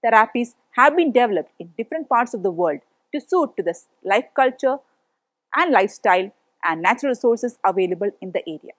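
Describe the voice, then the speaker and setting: A woman's voice: on the high side, animated, fairly quick, fairly bright tone, no room sound. A woman with an Indian English accent teaching a school biology lesson, reading from a prepared text and putting questions to the class. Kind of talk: read-aloud lesson.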